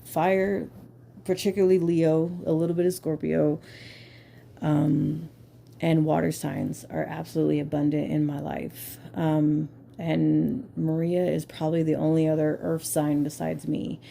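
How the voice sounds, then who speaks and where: Low gravelly woman, frank and sweary, just chatting like, on her podcast. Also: steady tone, a little slow, dark tone, slight background noise. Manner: candid, profane, filler-heavy. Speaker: podcast host. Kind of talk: casual chat.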